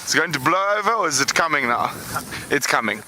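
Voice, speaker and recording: A man's voice: on the high side, animated, quick pace, background noise. A man presenting a live bushwalk broadcast, talking casually while he packs up gear before rain. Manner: casual, thinking aloud while working. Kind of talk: live safari broadcast commentary. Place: outdoors in the bush before rain.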